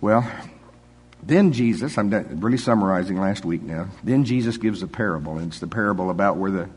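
Husky-voiced older male preacher. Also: deep voice, expressive, brisk, darkish tone. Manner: folksy, conversational, chuckles often. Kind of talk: sermon.

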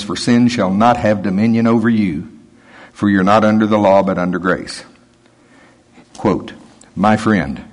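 A male preacher giving a sermon, talking in a conversational, emphatic way and dropping his voice low when he quotes. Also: darkish tone, breathy edge.

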